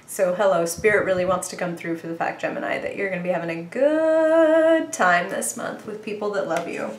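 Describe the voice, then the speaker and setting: A woman's voice: on the low side, fairly quick, reverberant. A woman reading tarot for viewers in a bubbly, chatty way, thinking aloud as she goes. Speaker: tarot reader. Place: indoor room with bright light.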